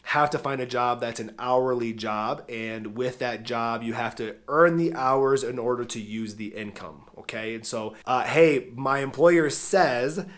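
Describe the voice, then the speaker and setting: A man with a head cold talks to his viewers in a relaxed, chatty vlog. His voice is stuffy and nasal, and his pitch sits in a middle range. He keeps it friendly and informal throughout. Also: normal speed, hardly any pauses. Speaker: vlog host.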